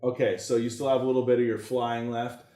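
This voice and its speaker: A man narrating as dungeon master, halting and full of restarts as he describes the scene. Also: medium pitch, level tone, dark tone. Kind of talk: narrating a tabletop game. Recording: roomy echo.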